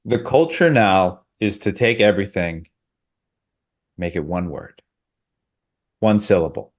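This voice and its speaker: Low-voiced guy on a podcast, sardonic rambling rants, super casual. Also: expressive, unhurried. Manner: sardonic, absurdist ranting. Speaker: podcast co-host.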